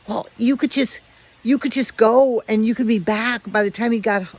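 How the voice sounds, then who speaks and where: A woman's voice: fairly high pitch, moderate pace, a little mellow, voice pushed up, natural voice. A woman voicing a pair of scruffy stray male dogs who coax and tease in a told story. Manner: coaxing and teasing.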